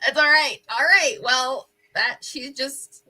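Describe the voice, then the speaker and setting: Bright-voiced woman player. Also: sits high, slow pace, low-quality recording. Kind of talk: tabletop game play.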